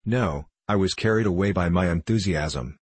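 A man reading the part of an eager, scheming elderly male professor who hides his excitement behind polite words, in a storybook reading. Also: deep voice, moderate pace, breathy edge, no room sound. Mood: feigned calm. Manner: excited, hiding his delight.

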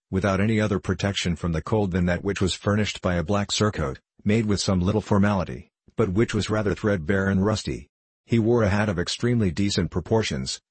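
A man narrating a classic novel in a measured, even way. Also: sits low, slightly rough, no room sound. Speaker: audiobook narrator.

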